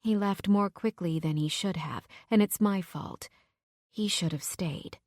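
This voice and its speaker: A woman's voice: mid-range voice, unhurried, darkish tone, no room sound, clean studio sound. A woman narrating a romance audiobook in the first person, telling it in an intimate, emotional way.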